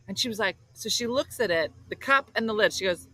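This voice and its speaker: A woman's voice: medium pitch, fast, few pauses, dry recording, rough recording. A woman from South Jersey hosting a morning show, telling a story and acting out the voices of the people in it. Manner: animated, acts out quoted voices. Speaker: host. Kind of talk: casual comedic storytelling.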